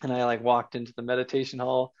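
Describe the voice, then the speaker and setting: Guy on a podcast telling his story, earnest and rambly, dry muffled sound, kinda monotone. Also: medium pitch, quick pace, no room sound. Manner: earnest, searching, loose with fillers. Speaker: podcast guest. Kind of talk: personal storytelling in an interview. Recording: dull lo-fi sound.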